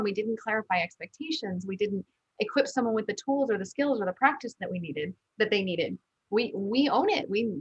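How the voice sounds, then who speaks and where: Woman host, earnest conversational interviewer, husky and slightly high, dry lo-fi sound. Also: fairly bright tone, dry recording. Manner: earnest, repeats words as she thinks aloud. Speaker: podcast host.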